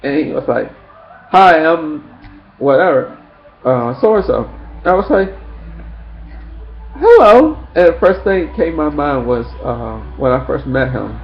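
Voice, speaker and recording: A man telling a personal story in a casual, rambling way, acting out friends' lines in shrill high voices. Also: animated, normal speed. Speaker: vlogger. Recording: dull lo-fi sound with faint background noise.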